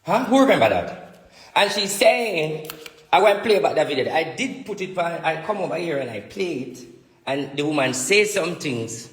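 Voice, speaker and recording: A man's voice: on the high side, sing-song, moderate pace, a bit bright, reverberant, long reverb tail. A man with a Jamaican accent gives prophecy-style declarations in a vlog, emphatic and repeating his lines.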